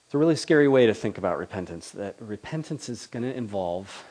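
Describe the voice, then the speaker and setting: A man's voice: fairly low pitch, animated, fairly quick, darkish tone. Conversational male preacher. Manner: conversational, questioning, acts out quoted voices. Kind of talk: sermon.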